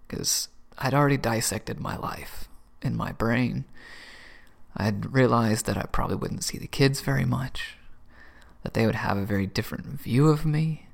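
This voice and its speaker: A middle-aged man sharing his personal faith testimony in an earnest, emotional way, with soft laughs and words that drop to a whisper. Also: mid-range voice, normal speed, gravelly. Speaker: Christian testimony speaker.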